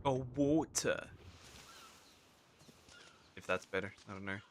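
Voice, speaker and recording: A man's voice: on the low side, slow, a little hiss or hum. A young man casually rambling to himself as he streams a survival game. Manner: rambling, talks to himself while playing. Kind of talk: casual gameplay commentary.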